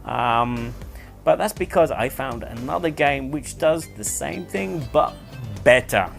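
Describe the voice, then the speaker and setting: Guy chatting about board games, meanders a lot, lots of ums, normal middle pitch. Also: expressive, slow, gravelly, a bit bright, soft background music. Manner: chatty, rambling explanations with fillers and self-corrections. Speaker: board game reviewer and channel host. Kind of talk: casual monthly review chat.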